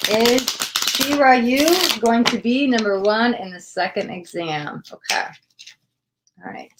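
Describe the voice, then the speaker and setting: A woman's voice: medium pitch, a little hiss or hum. A woman from the United States hosting a livestream tarot reading, gushing with thanks and chatting casually with lots of "like" and "oh my God.".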